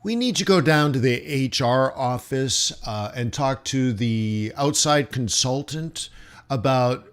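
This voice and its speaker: An awkward, hesitant male boss who stalls with ums and long pauses before firing an employee, as a man acts him out. The voice stays close to the speaker's own, a little higher at times. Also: clear, resonant tone. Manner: halting, full of ums and pauses.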